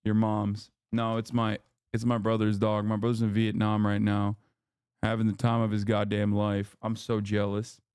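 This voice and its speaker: A man rambles and rants through his livestream commentary, swearing freely. His voice is smooth and clear. It is recorded close and dry, with no room sound. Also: on the low side, moderate pace, no echo. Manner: profane, ranting, animated rambling. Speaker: streamer host.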